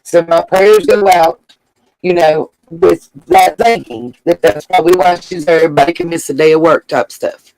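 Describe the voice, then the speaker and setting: A woman's voice: lowish voice, moderate pace, a little mellow, low-quality recording. A woman hosting a casual livestream, reading viewer comments aloud and thanking them with gushing endearments. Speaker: livestream host.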